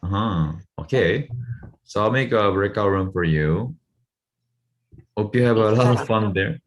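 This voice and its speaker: A man's voice: on the low side, lively intonation, a little slow, a little hiss or hum, low-quality recording. A man teaching a group language lesson over a video call, patiently drilling phrases aloud for learners to repeat.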